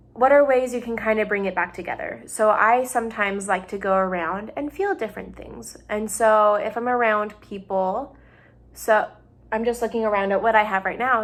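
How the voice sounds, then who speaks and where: A young woman speaking from her home, talking patiently to children and families. Her voice sits at an ordinary middle pitch, and she keeps her words simple and her examples everyday. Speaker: doctoral student in psychology. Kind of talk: gentle explanatory talk for families.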